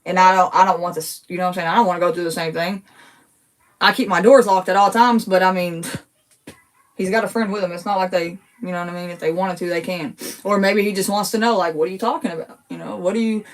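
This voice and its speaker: A woman in her thirties talking casually to viewers from her home, emotional and quick to get worked up, repeating herself as she talks. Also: on the low side, fairly even intonation, recorded from a distance. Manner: emotional, gets worked up, rapid and repetitive. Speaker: TikTok creator. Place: her home living room.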